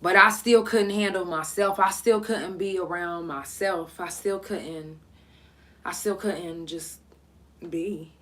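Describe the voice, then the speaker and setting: A woman's voice: on the low side, steady tone, takes it slowly, a bit bright. A woman podcast host telling a personal story in a candid, blunt, emotional way.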